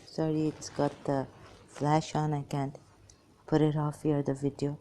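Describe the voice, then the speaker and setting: Weary, halting low-voiced woman. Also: level tone, warm tone, a little hiss or hum. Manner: halting, fragmented speech with many pauses. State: very tired and weak. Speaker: vlogger. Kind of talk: rambling personal monologue.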